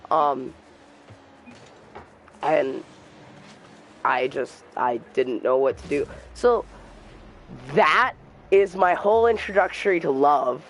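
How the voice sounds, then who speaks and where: A young man streaming a game, telling a personal story in a soft, halting voice and trash-talking the game now and then. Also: on the high side, a little hiss or hum, rough recording. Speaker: gamer streamer. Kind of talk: casual storytelling while gaming.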